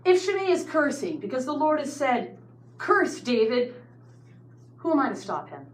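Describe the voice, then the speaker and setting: A woman with a high-sitting voice teaches a Bible study class, telling the story to her students with lively asides. The space is roomy, with faint background noise.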